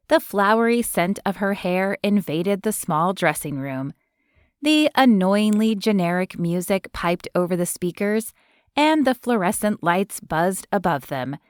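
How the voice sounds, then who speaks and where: A woman narrating an audiobook in an expressive storytelling manner. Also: mid-range voice, smooth, no room sound, clean studio sound.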